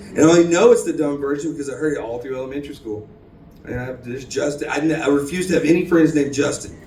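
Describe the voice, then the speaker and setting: A man's voice: fairly high pitch, lively intonation, moderate pace, gravelly, a little mellow, echoey room, recorded from a distance, slight background noise, poor audio. A man from Houston doing a rambling, self-deprecating open-mic stand-up set in a bar. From Houston, Texas. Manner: rambling, self-deprecating, many ums and restarts. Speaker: stand-up comedian. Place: bar stage.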